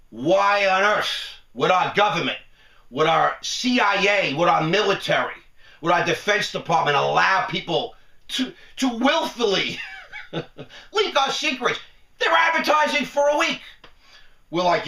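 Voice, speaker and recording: A man's voice: sits high, animated, moderate pace, vocal fry, bright, forceful tone, reverberant, far from the mic. A man giving a sarcastic, rambling talking-head rant, laughing often between points. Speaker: vlogger.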